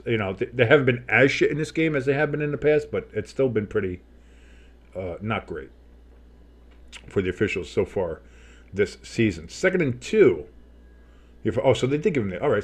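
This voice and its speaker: Rambling, profane fan play-by-play man. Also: fairly low pitch. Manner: rambling, profane, joking asides; says he is talking fast on too much coffee. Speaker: play-by-play commentator. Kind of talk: casual fan play-by-play commentary.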